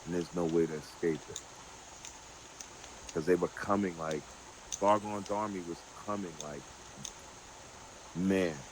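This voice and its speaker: A man hosting a casual group Bible study, talking in an animated way with everyday parallels. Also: low voice, slow pace, pauses often, slight background noise, low-quality recording. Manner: animated, draws everyday parallels, many fillers.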